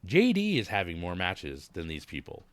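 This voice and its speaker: Deep-voiced man ranting about wrestling. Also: huge pitch swings, normal speed, no echo. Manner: blunt, profane, rambling. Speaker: wrestling vlogger. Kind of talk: casual wrestling recap rant.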